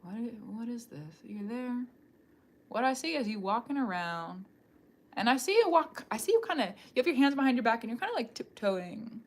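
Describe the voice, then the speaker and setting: A woman's voice: medium pitch, moderate pace, a little hiss or hum. Rambling woman giving a live psychic reading. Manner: rambling, animated, addresses viewer directly. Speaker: tarot reader. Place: home room.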